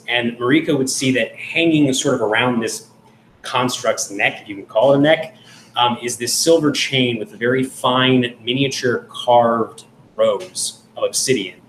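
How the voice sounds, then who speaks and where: Game master, man, unhurried descriptive narration, echoey room with faint hiss. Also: mid-range voice, fairly bright tone.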